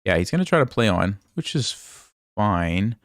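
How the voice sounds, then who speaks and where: A hoarse man commentating his own online games as a chess coach, thinking aloud in a relaxed way and quizzing viewers. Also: lowish voice, normal speed, no room sound, studio quality. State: hoarse, losing his voice, coughing. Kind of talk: casual live game commentary.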